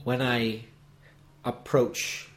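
A man's voice: mid-range voice, level tone, drawn-out words. A man who teaches languages, co-hosting a casual podcast, playful and teasing in his banter.

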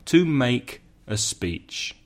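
A man's voice: mid-range voice, sing-song, very slow. A man teaching an English lesson, repeating phrases carefully for learners and adding short Spanish glosses. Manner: adds brief Spanish glosses. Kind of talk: language lesson.

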